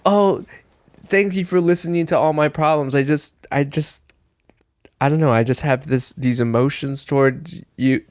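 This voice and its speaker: A man's voice: on the high side, normal speed, dry recording, pitched above the performer's own voice, close to an everyday voice. A man voicing a lonely farmer who pours out his feelings to his pig, tender and pleading.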